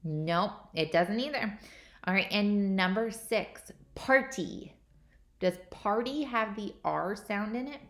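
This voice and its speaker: A woman's voice: medium pitch, a little slow, fairly bright tone. A woman teacher giving a phonics lesson to young children, patiently repeating each word and answering her own questions.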